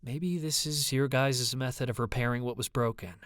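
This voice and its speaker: A man narrating an audiobook, voicing a blunt young woman who speaks flatly and matter-of-factly. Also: medium pitch, moderate pace, no room sound, clean studio sound, close to an everyday voice. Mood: dry. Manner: flat, matter-of-fact.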